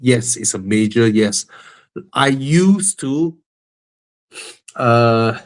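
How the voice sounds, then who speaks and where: A man's voice: mid-range voice, lively intonation, extremely slow. Malaysian guy doing a live car q&a, blocked nose, blunt jokey opinions. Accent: Malaysian English. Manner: frank, joking, opinionated. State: stuffy nose, breathing heavily. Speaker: host answering car-buying questions. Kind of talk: live Q&A stream.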